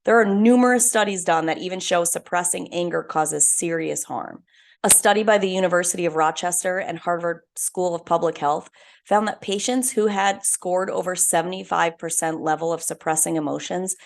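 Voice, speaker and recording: A woman's voice: lowish voice, moderate pace, gravelly. A young woman hosting her own podcast, telling a story in an earnest, heartfelt solo talk. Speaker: podcast host.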